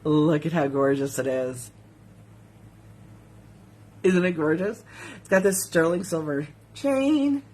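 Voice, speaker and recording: Husky-voiced woman chatting on a live stream. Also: low-pitched, expressive, takes it slowly, pauses often, a little mellow. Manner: chatty and giggly, reads viewer comments aloud. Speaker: jewelry maker hosting a live sales stream. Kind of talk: casual live-stream chat. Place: home studio.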